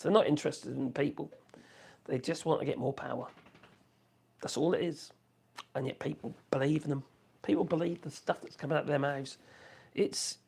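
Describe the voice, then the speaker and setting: A man's voice: fairly high pitch, gravelly, slightly rough. A man chatting casually on a live stream from his home office, rambling and reacting to viewer comments. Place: home office room with wood burner.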